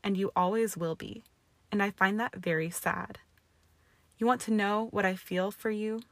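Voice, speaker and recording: A woman's voice: mid-range voice, fairly even intonation, normal speed, dry recording, lightly acted. A woman voicing a proud young witch who snaps and scorns in anger. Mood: bitter. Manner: snapping, scornful.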